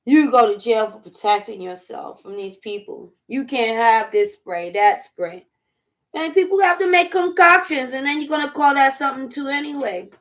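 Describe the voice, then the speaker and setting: A woman chatting casually over dinner as a vlog host, animated, laughing often and riffing through asides. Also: sits high, normal speed. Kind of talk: casual chat while eating dinner.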